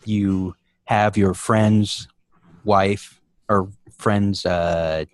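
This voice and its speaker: A man with a low voice speaks in a casual podcast chat and drops wry, deadpan jokes. The recording is dry and close. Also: drawn-out words, no echo. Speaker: podcast co-host.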